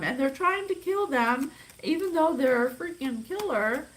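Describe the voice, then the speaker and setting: A woman's voice: high voice, big pitch swings, measured pace, fairly bright tone, poor audio. A young woman giving an intense, emphatic psychic reading, speaking straight to her viewers. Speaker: psychic reader. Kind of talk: channeled reading monologue.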